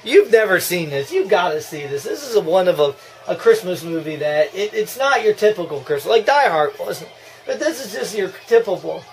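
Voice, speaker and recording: A man giving casual, excitable movie reaction commentary, gushing and breaking into laughs and yells. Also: high-pitched, normal speed.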